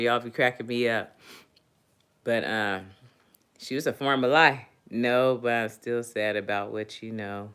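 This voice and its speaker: A woman hosts a laid-back livestream, chatting with her viewers and breaking into loud, high laughter. Her voice is bright and ranges widely in pitch, and she speaks slowly, drawing out her words. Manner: loud laughing, playful, animated. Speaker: livestream host. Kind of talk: casual livestream chat reading comments.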